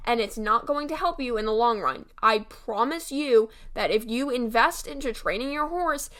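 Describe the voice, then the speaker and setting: A teenage girl ranting through a storytime vlog. Her voice sits a little high and sounds very bright and forceful. She swears freely and scatters "like" between her words. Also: expressive, moderate pace. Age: teens. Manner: heated, swearing, lots of "like" fillers. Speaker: storytime vlogger. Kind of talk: casual storytime rant.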